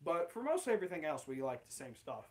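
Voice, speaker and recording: A man's voice: a little high, sing-song, fast talker. A young man casually telling an awkward personal story, rambling and swearing, with lots of fillers. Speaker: channel host.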